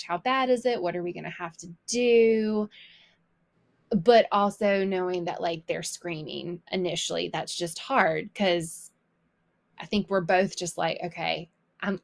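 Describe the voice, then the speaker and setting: A woman's voice: lowish voice, gravelly. A woman with a Southern US accent co-hosting a casual chat about parenting, talking chattily, laughing often and acting out quotes. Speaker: podcast co-host.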